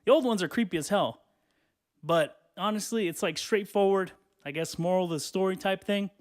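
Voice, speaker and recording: Dude doing a solo podcast rant in his bedroom, kinda high voice, swears a lot, clears his throat, bit out of breath. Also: moderate pace. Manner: rambling, profane, lots of "you know". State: out of breath and sweaty, standing. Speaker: podcast host. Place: small hot bedroom.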